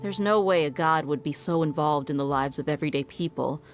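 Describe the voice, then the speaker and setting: An actress playing a confident, laid-back desert mercenary in a video game. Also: female voice, low voice, fairly quick. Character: tough, easygoing desert mercenary woman. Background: game music.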